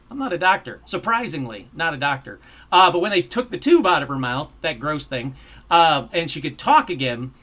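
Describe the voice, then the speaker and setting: Lively, bright-voiced male call-in host. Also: on the high side. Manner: animated, self-mocking, easily excited. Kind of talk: casual live call-in show.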